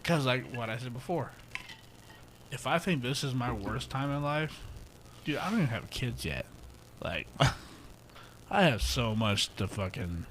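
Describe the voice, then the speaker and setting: A young man co-hosting a casual podcast, his talk salted with profanity. He tells stories in a lively way and turns loud when he acts out what friends said. A faint hiss of noise sits behind his voice. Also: medium pitch, unhurried, long pauses. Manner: profane, animated storytelling, acts out quotes loudly. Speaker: podcast co-host.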